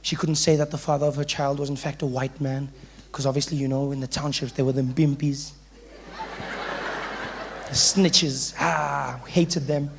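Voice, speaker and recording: A man's voice: mid-range voice, level tone, moderate pace, creaky, slight background noise. A male stand-up comedian with a South African accent telling a playful story.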